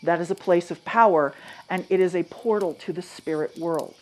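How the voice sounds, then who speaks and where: Dramatic woman storyteller, hushed then lively. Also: lowish voice, normal speed. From Maine. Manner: dramatic, swings from hushed to loud and animated; asks the audience questions. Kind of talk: live storytelling to an audience.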